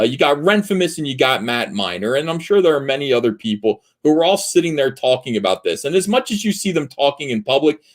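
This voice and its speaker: A man hosting a livestream in a heated, profanity-laced commentary rant. His pitch swings widely as he talks, and he fills the gaps with frequent "uh" pauses. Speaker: livestream host.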